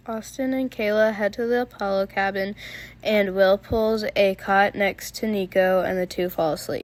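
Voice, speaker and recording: A woman narrating a fan story in a plain, steady way. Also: mid-range voice, normal speed. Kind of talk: reading a fan story aloud.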